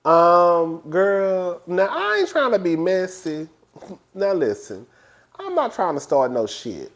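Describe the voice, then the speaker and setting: A man reviewing a reality TV episode in casual, animated, gossipy commentary. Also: slow pace. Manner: animated, gossipy, acts out quotes in high voices.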